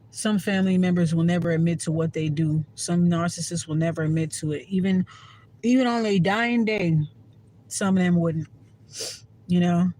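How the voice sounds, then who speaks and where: Speaking to camera as a spiritual vlogger, a man from the Washington DC area delivers a candid, rambling casual monologue, swearing freely and leaning on fillers. His voice is high with a darkish tone, and the poor audio carries slight background noise.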